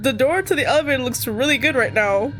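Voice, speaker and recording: A woman streamer reading a visual novel aloud. She switches between calm narration and loud, laughing, cursing reactions. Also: high-pitched, fast, background noise. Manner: expressive, jumps from calm reading to squealing and laughing; casual and cursing in asides. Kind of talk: reading game text aloud with live reactions.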